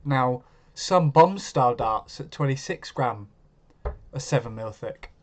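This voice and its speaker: A man's voice: medium pitch, expressive, takes it slowly. A man hosting a live stream, chatting casually and answering viewers' comments as he goes.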